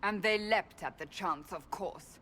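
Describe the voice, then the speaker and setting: A woman's voice: mid-range voice, a little slow, fairly bright tone, a little hiss or hum, natural voice. An actress voicing a grim, resolute woman warrior in a video game, speaking in a firm, clipped and serious way. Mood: grave. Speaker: game character.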